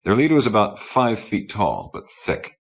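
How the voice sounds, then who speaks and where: Very deep-voiced male audiobook narrator. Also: vocal fry. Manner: steady, measured storybook narration. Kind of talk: audiobook reading.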